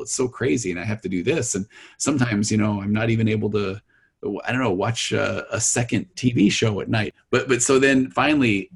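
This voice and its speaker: A man's voice: lowish voice, creaky, breathy edge. A middle-aged man, a therapist, telling stories from his practice in casual conversation and acting out his clients' voices.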